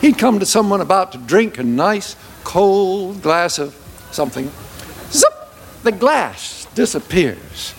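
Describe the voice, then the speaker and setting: A man telling a folk tale to a ukulele, animated, with sung refrains and vocal sound effects. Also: sits high, measured pace, vocal fry, a little hiss or hum. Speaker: storyteller. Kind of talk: folk tale told to music.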